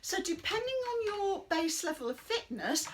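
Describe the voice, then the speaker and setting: A middle-aged British woman leading a chair exercise class in a chatty, rambling, encouraging way, breathing deeply and a little out of breath. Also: sing-song, moderate pace, slight background noise. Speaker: fitness instructor. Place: indoors under a big light.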